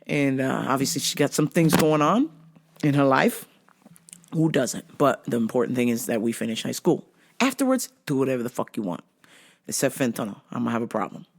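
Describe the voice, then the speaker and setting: A man's voice: mid-range voice, animated, fairly quick, vocal fry. A man hosting a podcast, telling stories casually, swearing freely and laughing at his own jokes. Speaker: podcast host. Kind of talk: casual storytelling monologue.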